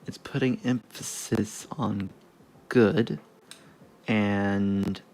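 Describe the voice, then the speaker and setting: Male streamer, low gravelly voice, unhurried thinking-aloud delivery with casual swearing. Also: steady tone, a little mellow. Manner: muttering, self-correcting, swears casually.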